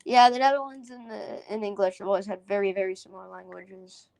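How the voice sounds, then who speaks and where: A woman's voice: medium pitch, flat delivery, brisk, gravelly, a little mellow, dry recording. A woman hosting a casual solo podcast, rambling and giggling as she sounds out foreign words. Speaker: podcast host.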